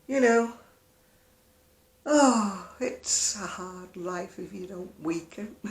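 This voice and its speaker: A woman talks in a casual home vlog, chatty and wry, her voice gravelly with fry. The room around her is roomy and echoey. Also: medium pitch, lively intonation, drawn-out words. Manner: chatty, wry, mimics other people's voices. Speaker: vlogger. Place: at home, indoors.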